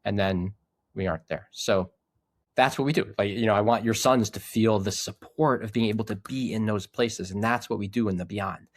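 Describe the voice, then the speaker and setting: A man's voice: fairly low pitch, normal speed, no room sound. Earnest middle-aged man, dry close sound. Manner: earnest, reflective, with many restarts. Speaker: podcast guest, men's group leader. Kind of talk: casual conversation.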